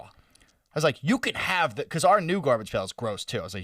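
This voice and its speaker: A man's voice: on the high side, a little fast, dry recording, studio quality, recorded from a distance. A young man in his twenties, a podcast co-host, telling stories with lots of swearing in casual chat. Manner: animated storytelling, swears a lot.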